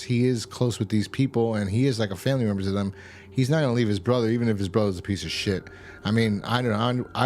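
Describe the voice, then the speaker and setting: A man's voice: on the low side, darkish tone, slight background noise. A man casually recapping a TV episode as a reviewer, rambling and slangy with lots of fillers. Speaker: TV show reviewer.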